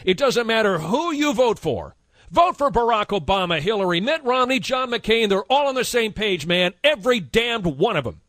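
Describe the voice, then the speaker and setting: A male radio host in full indignant rant, his voice riding high and swinging widely as he hammers each point home with repetition. The sound is close and dry, with no room around it. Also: very animated, normal speed, a bit bright, no room sound. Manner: indignant, impassioned, emphatic repetition. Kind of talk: heated on-air rant.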